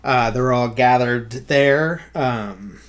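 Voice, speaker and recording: A man's voice: medium pitch, slow pace. A man hosting a podcast, casually recapping a film scene by scene, with lots of "uh" and "like". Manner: rambling, filler-heavy, many "like" and "uh". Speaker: podcast host.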